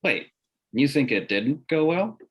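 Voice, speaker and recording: A man's voice: on the high side, sing-song, unhurried, slightly rough, full character voice. A man reading a smug, oblivious young billionaire in a comedy table read. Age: late 20s.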